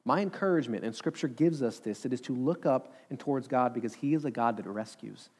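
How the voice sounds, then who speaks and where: A man's voice: mid-range voice, fast, a little mellow, breathy edge. A man in his thirties preaching a sermon in a casual, earnest way, asking the congregation rhetorical questions. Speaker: pastor.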